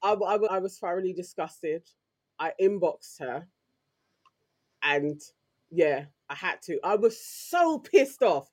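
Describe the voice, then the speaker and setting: A woman with a London accent, co-hosting a podcast and telling stories in a lively, slangy way. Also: lowish voice, slow pace, slightly rough. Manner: animated, slangy storytelling. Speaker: podcast co-host. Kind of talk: casual chat.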